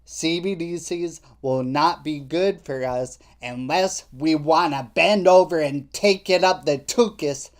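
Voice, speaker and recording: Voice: mid-range voice, slow pace, few pauses. A live stream host giving political commentary in a skeptical, indignant way.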